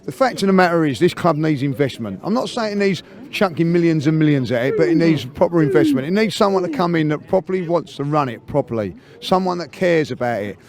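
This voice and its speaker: A man's voice: a little high, expressive, fast, hardly any pauses, a little mellow. A man, a football fan, venting frustration about his club to camera. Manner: frustrated, emphatic.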